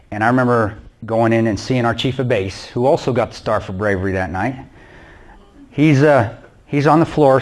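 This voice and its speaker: A man giving a blunt, intense personal war story to a church audience. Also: fairly low pitch. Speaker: guest speaker.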